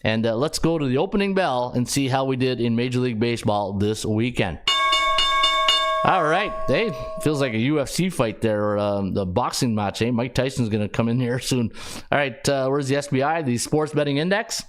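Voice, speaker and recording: A middle-aged Canadian man hosting a casual sports betting podcast. He rambles in a chatty way, greeting viewers by name and rattling off odds and records at a mid-range pitch. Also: normal speed. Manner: chatty, rambling, talks to chat viewers by name between stats. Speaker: host, sports handicapper.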